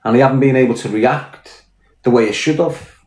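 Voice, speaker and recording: A man's voice: medium pitch, normal speed, darkish tone, echoey room. A man with a Scouse accent from Liverpool, hosting a casual live-stream. He talks bluntly, swears heavily and confronts people. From Liverpool, England. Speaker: podcast host.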